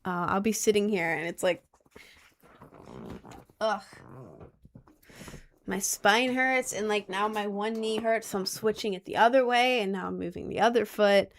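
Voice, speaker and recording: A woman's voice: medium pitch, measured pace, long pauses, slight background noise. A young woman live streaming from her chair at home, chatting casually and sarcastically with her chat, full of "like" and laughs.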